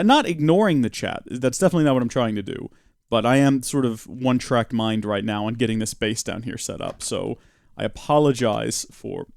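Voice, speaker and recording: A man's voice: mid-range voice, vocal fry, a little mellow, dry recording. Young male game streamer, dry close mic, chatty and self-mocking. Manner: chatty, self-mocking, answers chat as he plays. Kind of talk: casual live-stream commentary while playing.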